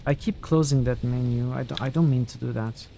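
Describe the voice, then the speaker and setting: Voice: mid-range voice, brisk, creaky, mellow, slight background noise. A game streamer giving casual gameplay commentary, thinking aloud and chatting with viewers.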